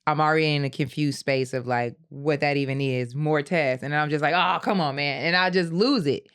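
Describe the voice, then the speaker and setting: A woman's voice: low-pitched, a little fast, clear, resonant tone. A woman co-hosting a podcast, talking casually and telling stories with lots of laughter and acted-out voices. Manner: animated storyteller, laughs often, acts out voices. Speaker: podcast co-host. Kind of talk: casual chat.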